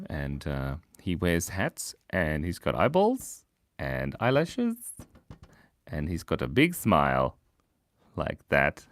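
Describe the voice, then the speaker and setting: Australian male host, lowish voice swooping wildly up and down, playful live-stream chatter, close and dry. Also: no echo. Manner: playful, giggly, reads out viewer comments. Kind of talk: live-stream chat while drawing.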